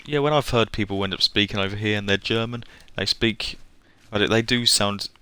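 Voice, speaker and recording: A man's voice: fairly low pitch, fairly quick, bright, forceful tone, clear, resonant tone, no echo. Chatty, laughing male game streamer. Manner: rambling, chatty, laughs often. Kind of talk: casual live game stream commentary.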